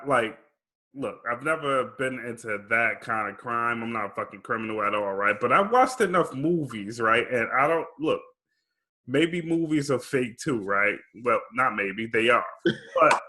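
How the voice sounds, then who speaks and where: A podcast co-host reasons things through aloud in a laid-back, casual chat, regularly checking in with "right?" His voice is a little high, bright and forceful.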